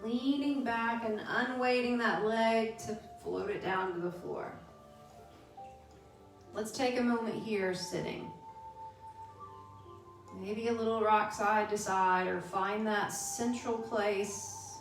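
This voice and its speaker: Slow, soothing woman leading chair yoga. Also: medium pitch, steady tone. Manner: slow, soothing cues with long pauses. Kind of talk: guided movement and breathing class. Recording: echoey room, voice from far off, music behind. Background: soft background music.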